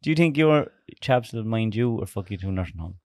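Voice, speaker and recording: A man's voice: fairly low pitch, expressive, fast talker, darkish tone, dry recording, studio quality. An Irish man in his thirties hosting a podcast, teasing his guests with questions and laughing a lot. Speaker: podcast host. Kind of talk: casual podcast chat.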